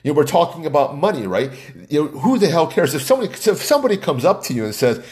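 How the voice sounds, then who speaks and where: A man's voice: fairly high pitch, very animated, quick pace, darkish tone. A man hosting his own podcast, talking in a rambling, opinionated way with frequent chuckles and restarts. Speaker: podcast host. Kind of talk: casual solo podcast monologue.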